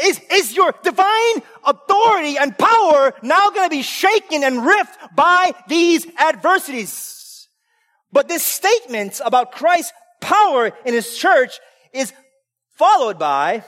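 A woman preaches a fiery sermon, hammering questions at her congregation and answering them herself. She swings from shouted declarations to hushed, intimate asides. Her voice rings out with a long reverb tail, as if filling a church sanctuary. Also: very high voice, sing-song, unhurried. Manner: call-and-response questions.

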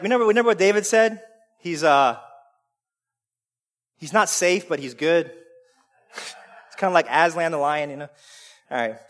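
A woman preaching an impassioned sermon, trading shouted refrains with hushed asides and firing rapid questions at the congregation. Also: low voice. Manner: call-and-response questions. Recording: long hall reverb.

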